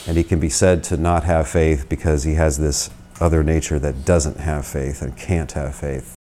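An American man giving a conversational theology lecture, reasoning through arguments with quick asides. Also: very deep voice, fairly even intonation, dark tone, slight background noise. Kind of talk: spoken lecture.

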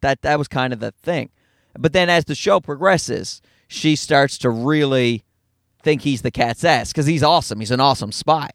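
A middle-aged man with a Newfoundland accent, a stand-up comedian talking fast and profanely in a rambling, self-deprecating monologue from his car. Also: medium pitch, no echo, clean studio sound. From Newfoundland, Canada. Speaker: stand-up comedian, podcast host.

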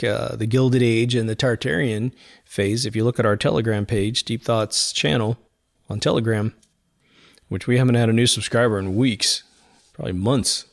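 A man's voice: medium pitch, creaky. Male podcast host, middle-aged, casual rambling talk with lots of asides. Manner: rambling, conversational, frequent asides. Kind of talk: casual monologue.

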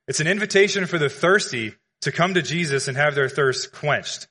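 Bright-voiced man preaching in a reverberant church. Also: fairly high pitch, normal speed, breathy edge. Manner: earnest, conversational preaching with rhetorical questions. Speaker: pastor. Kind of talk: sermon. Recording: long hall reverb.

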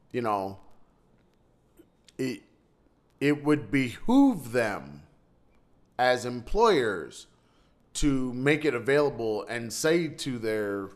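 A man who works abroad, talking in casual chat in a rambling, halting way with many restarts. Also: mid-range voice.

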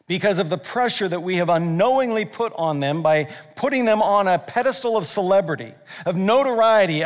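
A man with a high-pitched voice preaches a sermon, earnest and emphatic, dropping into soft, slow prayer between his loud points. His voice rings out with a long reverb, as in a large hall. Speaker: pastor.

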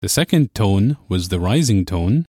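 A young man hosting a language course, explaining in a clear, measured teacher's manner. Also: low voice, sing-song, warm tone, no room sound, studio quality. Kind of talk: scripted lesson narration.

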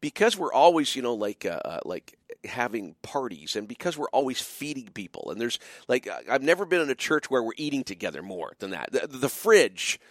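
A man's voice: medium pitch, very animated, brisk, dry recording, clean studio sound. A middle-aged man hosting a call-in radio show, chatting in a rambling, playful way with lots of fillers and restarts. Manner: playful, mock-drawling asides. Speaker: radio call-in host and biker church pastor. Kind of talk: late-night call-in radio talk.

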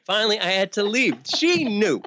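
A man's voice: high voice, very animated, moderate pace, sharp tone, no echo. A young man hosting a podcast, telling a story in a playful comic rant full of mock outrage. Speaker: podcast host. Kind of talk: casual chat, comic rant.

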